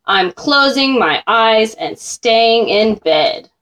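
A woman's voice: on the high side, sing-song, takes it slowly, fairly bright tone, exaggerated voice. A woman voicing a sleepy, stubborn male groundhog in a storybook, lazy and cozy in manner.

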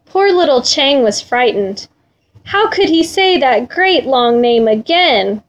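A woman reading a children's story aloud in a gentle, rhythmic way, repeating phrases. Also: high-pitched, animated, takes it slowly, dull audio.

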